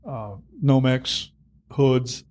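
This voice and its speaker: A man in his sixties, a retired fire captain, telling stories in an interview, animated and quick to laugh. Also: medium pitch. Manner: animated storyteller, acts out dialogue, laughs often. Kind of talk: storytelling in a podcast interview.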